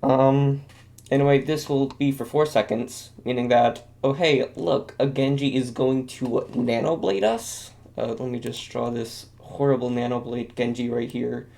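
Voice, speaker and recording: A man's voice: mid-range voice, steady tone, a little slow, vocal fry, dark tone. A young man giving casual video game commentary, rambling and self-deprecating with lots of fillers. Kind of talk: casual commentary while drawing.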